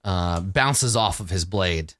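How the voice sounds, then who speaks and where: A man narrating a tabletop game as dungeon master, lively and often laughing. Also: low voice, slow pace, dry recording, studio quality.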